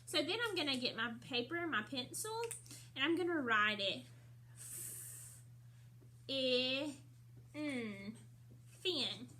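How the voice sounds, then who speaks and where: A young woman teaching a recorded phonics lesson to first graders, drilling letter sounds slowly and repeating each word. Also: high-pitched, very animated, sharp tone, slight background noise.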